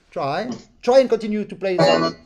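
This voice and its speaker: Playful accordion teacher. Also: male voice, sits high, a little slow, creaky, over loud music. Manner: playful, teasing, sings phrases aloud. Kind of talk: live online lesson chat.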